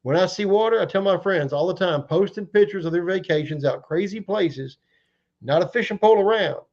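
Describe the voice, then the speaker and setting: A man's voice: high voice, a little fast, darkish tone. Folksy man on a muffled line. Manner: colorful, folksy, joking. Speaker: guest. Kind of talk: casual chat on a livestream.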